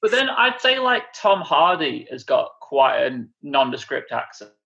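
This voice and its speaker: Man, podcast co-host, wry joking tone, gravelly, bright edge, dull lo-fi mic. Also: fairly high pitch, very animated, unhurried. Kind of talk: casual film chat.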